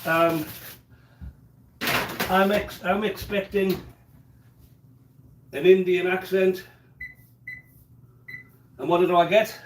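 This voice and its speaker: A man's voice: high-pitched, fairly even intonation, takes it slowly, pauses often, background noise. A man chatting casually in his home kitchen during a live cooking stream, rambling and often repeating words as he goes.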